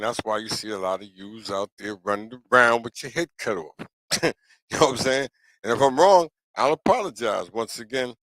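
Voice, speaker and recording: A lowish, slightly bright male voice comes through a dry, low-quality recording. He's a middle-aged New Yorker hosting a live talk show, giving a casual, preachy monologue to his viewers and asking "you know what I'm saying?" over and over.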